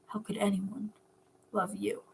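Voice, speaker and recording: A woman's voice: medium pitch, level tone, unhurried, gravelly, a little mellow, a little hiss or hum. Woman playing a sneering cruel young hero. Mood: taunting. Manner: taunting, sneering. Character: mocking cruel teen boy hero, taunting.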